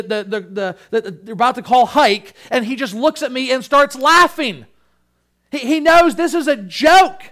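A man's voice: fairly high pitch, fairly bright tone. A male pastor preaching a sermon, earnest, often restarting his words.

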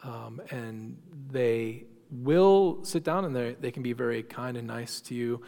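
A man with a mid-range voice teaches a church class. He speaks loosely and conversationally, restarting sentences and filling pauses. The sound rings with the long reverb of a hall. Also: mid-range voice, vocal fry, warm tone. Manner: conversational, frequent fillers and restarts. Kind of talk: informal lecture to a class.

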